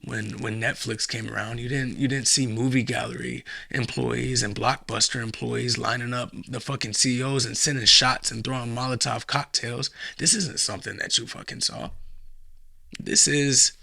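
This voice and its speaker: A man delivers a profane solo podcast rant. His voice is gravelly and bright, cutting through with a tense edge. He pitches into sarcastic put-on voices as he goes. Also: flat delivery, normal speed. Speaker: podcast host. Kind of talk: solo commentary monologue.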